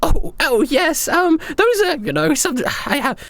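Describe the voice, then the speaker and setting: A vain, fussy young emperor gushes over his guests in a squealing falsetto. His voice leaps all over the place, chatty and easily embarrassed. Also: sing-song, unhurried, fairly bright tone, no room sound, full character voice. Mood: flustered. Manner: high giddy gushing, rambling.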